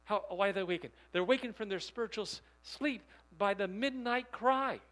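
A man preaching a sermon, reading quotations slowly and putting rhetorical questions to his listeners. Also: sits high, fairly bright tone, rough recording. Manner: emphatic, rhetorical questions to the audience; reads quotations aloud slowly.

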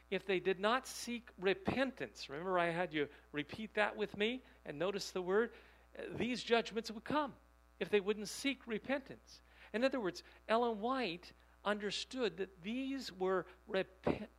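A man preaching a sermon, reading quotations slowly and putting rhetorical questions to his listeners. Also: high-pitched, a bit bright, rough recording. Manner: emphatic, rhetorical questions to the audience; reads quotations aloud slowly.

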